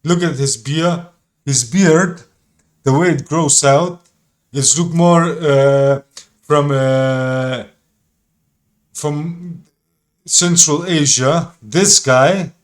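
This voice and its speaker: A man's voice: a little high, extremely slow, pauses often. A man giving casual reaction commentary in an insistent, repetitive way, sometimes swearing. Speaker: reaction streamer.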